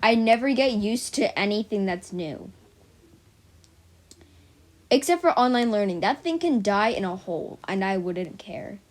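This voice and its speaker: A woman's voice: medium pitch, animated, measured pace, long pauses. A teenage girl rambling casually to her viewers in a silly, chatty vlog, full of "like" and tangents. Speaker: vlogger.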